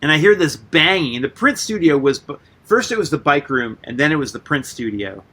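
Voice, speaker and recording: A man guest on a radio interview, telling rambling stories in a loose, animated way, full of "like" and casual swearing. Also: on the high side, a little fast, slightly rough. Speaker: guest artist and musician.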